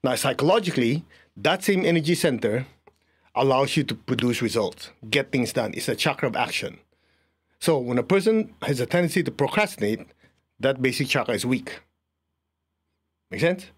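A man's voice: medium pitch, expressive, normal speed, pauses often, slightly rough. A man teaching an energy healing class, leading a live audience through a guided exercise. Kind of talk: guided group lesson.

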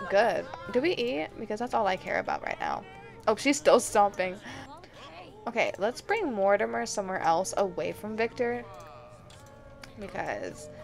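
A woman hosting a life-sim let's play, commenting excitedly with gasps and laughs. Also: mid-range voice, gravelly. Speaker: gaming channel host.

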